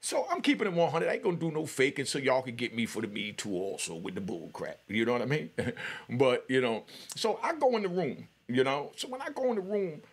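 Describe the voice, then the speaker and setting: A man's voice: mid-range voice, big pitch swings, fairly quick, breathy edge. A middle-aged man hosting a podcast, telling a long personal story and often breaking off with "you know what I mean" and short laughs. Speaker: podcast host. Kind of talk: storytelling monologue.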